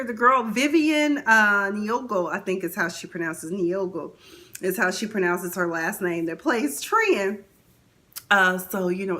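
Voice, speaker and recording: A woman's voice: a little high, sharp tone. A woman hosting a casual TV recap, chatting and acting out the characters' lines with big swings in her voice. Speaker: TV recap host.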